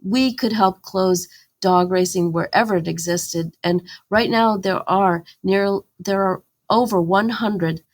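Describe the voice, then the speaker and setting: A woman's voice: medium pitch, a little slow. A woman campaigner, a guest in a podcast interview, telling her story earnestly and with animation, with fillers and restarts.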